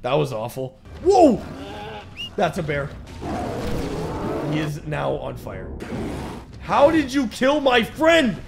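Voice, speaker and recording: A man giving jokey, excitable commentary while playing a video game, yelping and shouting when he panics. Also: a little high, takes it slowly, gravelly, pauses often, noisy background. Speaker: gaming YouTuber. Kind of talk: gameplay commentary. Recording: game music behind voice.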